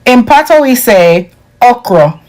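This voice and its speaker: A playful Jamaican woman with a higher voice, chatting casually and dropping into patois phrases. Her talk is relaxed and teasing. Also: unhurried. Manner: playful, slips into patois examples. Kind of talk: casual word comparison video.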